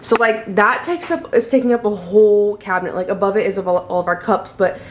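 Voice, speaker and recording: Rambling young mom in a roomy kitchen. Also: female voice, medium pitch, brisk, distant mic. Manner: rambling, candid, heavy use of "like". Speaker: stay-at-home mom vlogger. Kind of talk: casual confessional vlog. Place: home kitchen. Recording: roomy, off-mic, faint hiss.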